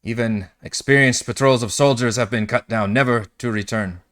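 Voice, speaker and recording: A man's voice: medium pitch, moderate pace, fairly bright tone, pitched above the performer's own voice, lightly acted. Man voicing a stern female marshal. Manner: crisp, matter-of-fact, stern. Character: stern armored female military commander.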